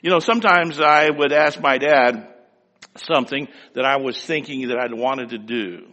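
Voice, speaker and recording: A middle-aged male preacher delivering a sermon with personal stories, dramatic, swinging between slow emphatic phrases and quick storytelling. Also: mid-range voice, bright, forceful tone, highs cut off. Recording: reverberant hall.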